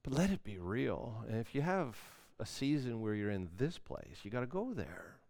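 A man preaching a sermon, dramatic, moving between loud emphasis and hushed asides. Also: mid-range voice, sing-song, normal speed. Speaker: pastor.

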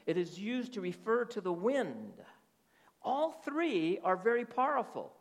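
A man's voice: sits high, big pitch swings, measured pace, gravelly. A middle-aged man preaching a sermon as pastor, often checking in with his listeners through rhetorical questions. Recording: reverberant hall.

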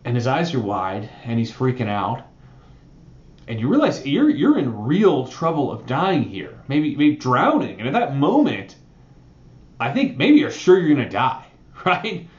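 Here the pastor's voice is medium in pitch and unhurried, heard in a roomy space on dull audio. Walking through a Bible passage, he preaches conversationally and with energy, frequently adding "right?"

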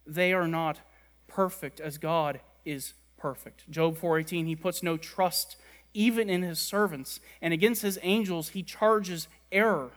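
A man preaching a sermon, stressing words by repeating them and letting key lines fall quiet and low. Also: steady tone, unhurried. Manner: emphatic, repeats words for stress, drops soft at ends. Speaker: pastor.

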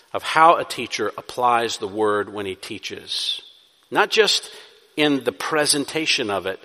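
Man, sermon, emphatic swells, conversational asides, mid pitch, reverberant sanctuary. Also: a bit bright. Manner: builds to emphatic rising intensity then drops to conversational. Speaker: pastor. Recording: long reverb of a hall.

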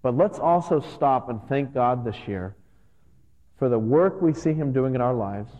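A man in his thirties, a pastor, giving a conversational and earnest sermon that gets animated at times. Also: mid-range voice, unhurried. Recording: dull lo-fi sound with long hall reverb.

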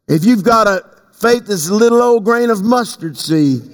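A man preaching a sermon as pastor, swinging between slow emphatic stretches and sudden high leaps. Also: lively intonation. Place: church sanctuary. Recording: long hall reverb.

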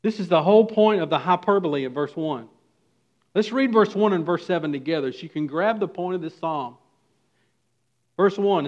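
A man with a somewhat high voice preaches a sermon to his congregation. He moves from loud, emphatic lines to hushed, quiet ones. The recording sounds dull and lo-fi. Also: expressive, moderate pace. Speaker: pastor.

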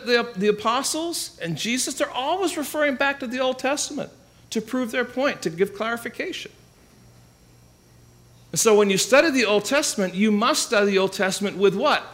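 A man's voice: very high-pitched, fairly bright tone. A man preaching a sermon, explaining scripture with emphatic rhetorical questions and restarts. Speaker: pastor.

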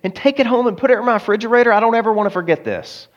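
A man voicing a tearful, timid woman who stammers in a high, halting voice, on a dull lo-fi recording. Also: natural voice. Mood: timid, overwhelmed.

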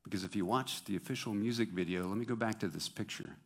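A man preaching a sermon to his congregation, lively and joking with them, singing bits and asking the crowd questions. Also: fairly low pitch, quick pace, slightly rough. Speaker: pastor.

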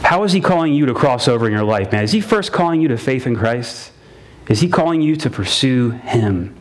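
A man preaching a sermon as pastor, repeating each phrase for emphasis and calling his listeners guys and man. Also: on the high side.

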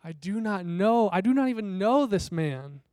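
Male pastor, high clear voice, casual storytelling sermon, dry close sound. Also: animated, moderate pace, warm tone, no echo. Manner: conversational storytelling, voicing the people in the scripture.

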